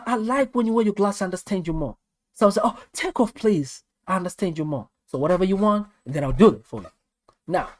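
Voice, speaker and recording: A South African man tutoring maths online in an animated, sing-song way, his pitch leaping up and down as he repeats each step. The sound is dry and close, with no room around his voice. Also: dry recording. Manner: animated, repeats steps, talks straight to viewers. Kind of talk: live online maths lesson.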